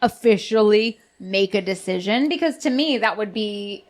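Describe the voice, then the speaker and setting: A woman's voice: mid-range voice, animated, moderate pace, few pauses. A woman hosting a podcast in casual chat, blunt and chatty, full of fillers and restarts, sarcastic about politicians. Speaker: podcast host.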